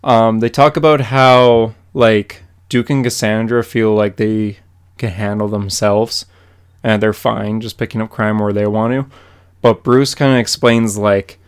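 Smooth-voiced young man recapping comics. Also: lowish voice, measured pace. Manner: animated, filler-heavy comic recaps. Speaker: podcast co-host. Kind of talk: casual chat.

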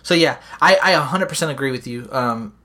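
A man's voice: medium pitch, expressive, brisk, sharp tone. A man hosting a podcast, talking loosely with restarts, swearing and laughing between points. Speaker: podcast host. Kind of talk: casual podcast banter.

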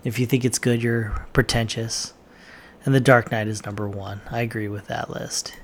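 A man's voice: lowish voice, level tone, moderate pace, a little hiss or hum. A man giving blunt, offhand opinions in casual commentary, with plenty of fillers. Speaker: vlogger reacting to movie lists.

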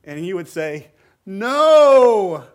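High-voiced emphatic male preacher. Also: lively intonation, moderate pace. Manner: emphatic, conversational, repeats words when pressing a point. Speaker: pastor. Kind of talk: sermon.

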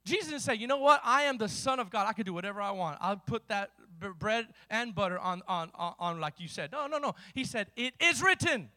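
A man's voice: high-pitched, animated, fast talker, hardly any pauses, pushed and bright, no echo. A man preaching a sermon as pastor, with impassioned delivery and vivid storytelling.

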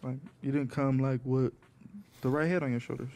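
A man gives a rambling, slangy interview answer in casual chat, filling his talk with "like" and "you know". His pitch sits mid-range, and there is faint noise in the background. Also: fairly even intonation, normal speed. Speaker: interview guest.

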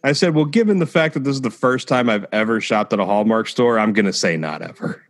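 A man's voice: on the low side, lively intonation, fast talker. A man hosting a podcast, telling an irate, profane story in casual chat. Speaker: podcast host.

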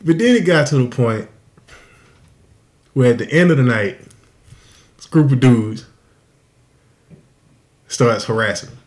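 A man hosting a podcast, telling a crude story in a profane, animated way and laughing often. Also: medium pitch, unhurried, long pauses. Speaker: podcast host. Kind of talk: casual storytelling.

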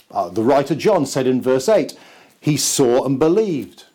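A man, a church pastor, preaching a sermon slowly and emphatically, with dramatic pauses. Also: mid-range voice, very animated, dark tone.

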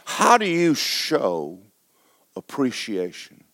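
Male pastor, mid pitch, conversational sermon with rhetorical questions, dry sound. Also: lively intonation, measured pace, no echo. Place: church sanctuary.

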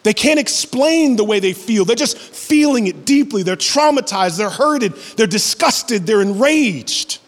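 A man in his thirties preaching a sermon, who builds to high, animated passages and acts out voices in his stories. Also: measured pace, few pauses, in a large hall. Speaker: pastor.

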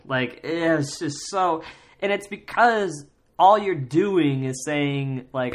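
A casual, rambling podcast host thinks out loud about comedy with a voice of middling pitch. The talk stumbles through fillers and restarts. Now and then it jumps into loud mocking voices to quote others. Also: moderate pace. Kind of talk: solo comedy podcast commentary.

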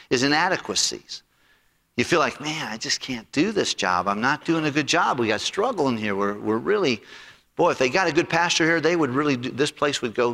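A man preaching a sermon as a pastor, animated, repeating himself and acting out quotes. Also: medium pitch, long reverb tail.

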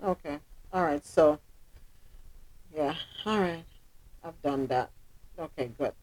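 A woman's voice: low voice, slow pace, a little mellow. A woman hosting a casual talk show, venting her frustration, apologizing to her listeners and speaking emphatically. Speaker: podcast host.

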